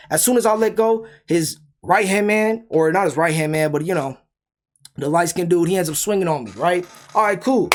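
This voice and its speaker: A young man with a high-pitched voice, speaking, rants through a storytime in a casual way. He is heated and emphatic and keeps firing off rhetorical questions. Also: expressive, moderate pace. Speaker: storyteller vlogger.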